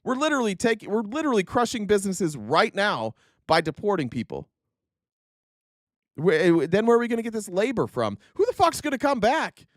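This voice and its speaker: Angry stream host, sarcastic and profane, lively pitch, dry close-mic sound. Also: male voice, fairly quick, dry recording. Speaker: political livestream host. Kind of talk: ranting live stream commentary.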